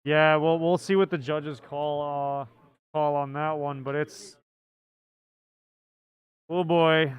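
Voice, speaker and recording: A man's voice: a little high, flat delivery, takes it slowly, long pauses, clear, resonant tone, no room sound, muffled recording. A man casting a card game tournament live, chatty and often laughing. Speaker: tournament commentator.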